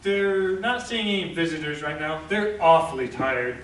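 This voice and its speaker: Young man in the part of a chipper nephew, high-ish voice, hissy stage recording from far back. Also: moderate pace, a bit bright, close to an everyday voice. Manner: eager, reassuring. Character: cheerful, devoted young nephew. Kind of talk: amateur stage play. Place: stage in a hall. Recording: echoey hall from far off, hiss.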